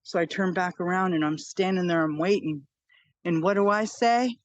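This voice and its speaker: An older woman with grandchildren, earnestly recounting a personal near-death experience in an animated, repetitive way. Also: fairly low pitch, normal speed, no room sound, dull audio. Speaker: storyteller.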